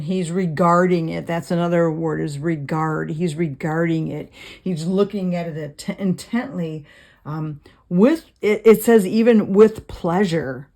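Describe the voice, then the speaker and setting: A woman with a warm, fairly low voice leads a casual Bible study, reading verses aloud and mulling over what the words mean. She goes unhurriedly, with frequent fillers and restarts.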